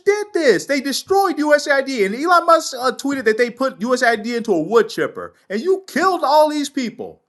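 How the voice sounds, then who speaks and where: A man hosting his own commentary show, reading news aloud and ranting loudly with heavy profanity. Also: very high voice. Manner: loud. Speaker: political commentary host.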